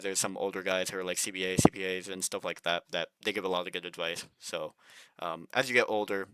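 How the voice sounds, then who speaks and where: Casual rambling young man, bright dry voice. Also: deep voice, smooth, dry recording. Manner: rambling, loose and profane with many fillers. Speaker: finance vlogger. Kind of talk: casual advice monologue.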